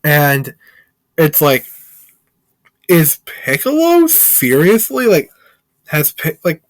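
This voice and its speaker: A man's voice: fairly high pitch, huge pitch swings, slow pace, no room sound. A man reviewing a film in a casual, rambling plot recap, heavy with filler words.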